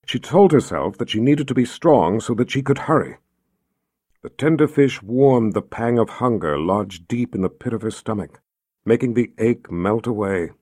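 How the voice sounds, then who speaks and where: A man narrating an audiobook in a calm, expressive storytelling manner. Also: mid-range voice, moderate pace, slightly rough, dry recording, studio quality.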